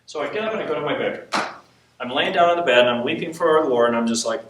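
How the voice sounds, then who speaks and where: A man preaching, telling a personal story with animated quotes and frequent laughs. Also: medium pitch, very fast. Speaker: preacher teaching on intercession. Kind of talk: sermon storytelling. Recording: echoey hall from far off, faint hiss.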